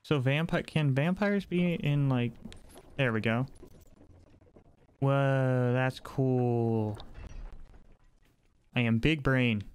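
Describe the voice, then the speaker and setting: A man's voice: mid-range voice, drawn-out words, long pauses, smooth. A man giving let's play commentary on a horror game, talking to himself, jumpy and wry as he explores. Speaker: gaming channel host.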